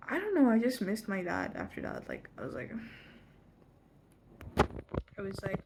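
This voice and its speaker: Teen girl, casual vlog, rambling storytelling, lots of filler words, phone front camera, middle pitch, faint background hiss. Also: big pitch swings, moderate pace, long pauses. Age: teens. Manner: rambling, full of "like" and self-corrections. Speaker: vlogger.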